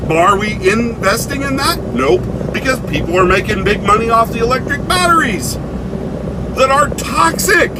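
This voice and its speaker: A man's voice: extremely high pitch, expressive, normal speed, heavy background noise. A man delivering a blunt, angry opinion rant with swearing and sarcasm, recorded inside a vehicle. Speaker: vlogger.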